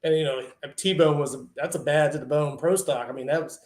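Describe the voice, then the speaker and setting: A man with a fairly high voice tells a rambling story in casual chat, laughing often and putting on voices for the people in it. His voice bounces around a roomy space that has a noticeable echo. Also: a little fast, noisy background. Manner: animated, laughs often, acts out quoted friends. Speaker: truck and tractor pulling guest. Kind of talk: casual storytelling on a live show.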